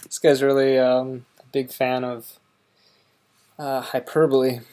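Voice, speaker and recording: A man's voice: mid-range voice, flat delivery, a little slow, a little mellow. An American man hosting a reaction video, with casual, hesitant commentary and dry asides. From United States. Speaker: reaction channel host.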